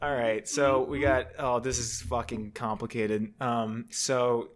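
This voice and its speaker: A man's voice: mid-range voice, little pitch movement, slow. A man co-hosting a casual podcast, cursing freely and getting flustered as he laughs along. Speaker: podcast co-host.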